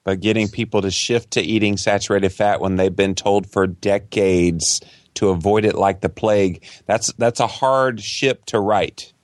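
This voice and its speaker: A man's voice: fairly low pitch, steady tone, a little slow, no room sound, clean studio sound. A man speaking as a guest on a casual podcast, explaining health numbers eagerly. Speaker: podcast guest, nutrition expert.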